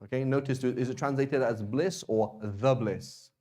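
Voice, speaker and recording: A man teaching a beginners' language class in an unhurried, conversational way. He restarts his sentences often and keeps checking in with the students. His pitch sits in the middle of the range. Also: a little mellow. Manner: explains with many restarts and "right?" checks. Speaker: Arabic teacher. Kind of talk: classroom lesson.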